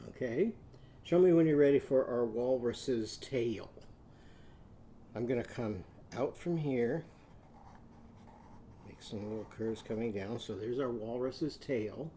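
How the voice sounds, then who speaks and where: A man teaching young children a drawing and phonics lesson, giving slow, patient step-by-step instructions. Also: medium pitch, dark tone, slight background noise.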